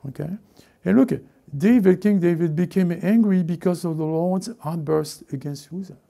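Male pastor preaching, gravelly mellow voice, animated delivery that slips into character voices. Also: high-pitched, normal speed. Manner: animated, repeats words, acts out characters. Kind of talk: lively sermon with acted-out voices.

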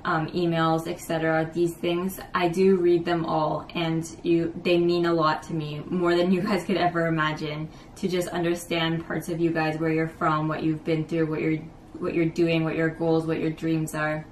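A woman's voice: sits low, level tone, moderate pace. A young woman in her twenties chatting casually to camera as a vlogger, gushing and full of fillers, in a small apartment room. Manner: warm, gushing, many fillers and "like". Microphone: camera mic at a distance. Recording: roomy, distant mic, faint background hum.

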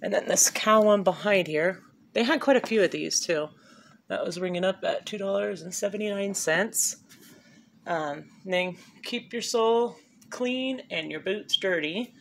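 In this casual haul video, a vlogger talks through her purchases in an unhurried, mid-range voice, cheerfully calling out prices. She films at home on a handheld phone, with slight background noise.

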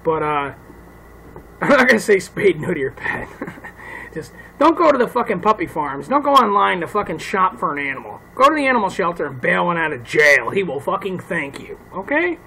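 Gravelly, lively man ranting profanely. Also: high voice, moderate pace, slight background noise, low-quality recording. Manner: rambling, heavy swearing, laughs at own jokes. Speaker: comedian ranting. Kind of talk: casual profane rant. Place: home. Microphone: phone.

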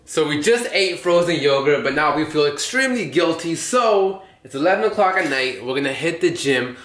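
A man's voice: a little high, fairly bright tone, roomy sound. A young man in his twenties vlogging casually, joking and repeating words for fun. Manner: playful, repeats words for jokes, teasing. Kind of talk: casual vlog chat. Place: in a car, then at home. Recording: noisy, car ambience behind.

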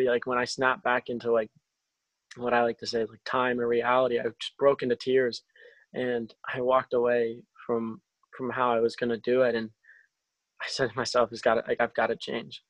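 Young man, faith testimony, video call, halting with restarts, dry close sound. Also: medium pitch, no room sound, low-quality recording. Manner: halting, with frequent restarts and fillers. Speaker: testimony speaker.

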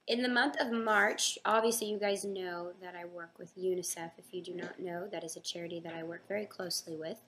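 A young woman hosts a casual live fan Q&A, reading each question aloud before answering it in a chatty, upbeat way. Her voice sits a little low for a woman. A faint hum of background noise sits under the live-stream mic. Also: fairly even intonation, fairly quick, few pauses, a bit bright. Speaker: host of a live fan chat.

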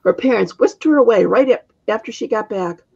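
A woman reading aloud, voicing a younger witch who is loud, chatty and gushing. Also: a little high, lively intonation, fairly quick, creaky, slightly rough, lo-fi sound, full character voice.

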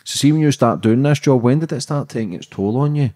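A man's voice: medium pitch, fast talker, warm tone. A man hosting a podcast, blunt and outspoken in casual interview talk, swearing freely. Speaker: podcast host.

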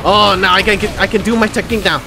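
A young man giving excitable gameplay commentary, laughing, shouting and trash talking enemies over game music. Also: high-pitched, quick pace, creaky. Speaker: gameplay streamer.

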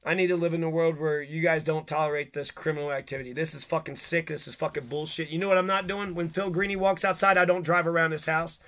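Furious ranting man with a bright voice. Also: fairly high pitch, steady tone, quick pace, hardly any pauses. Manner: agitated, profane, accusatory. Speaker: vlogger. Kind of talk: angry rant to camera.

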